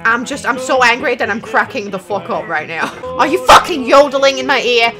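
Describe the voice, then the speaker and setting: A young woman giving frustrated gameplay commentary, swearing constantly and swinging between sarcasm and yelling. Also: mid-range voice, expressive, fairly quick, few pauses, music in the background. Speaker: gaming channel host.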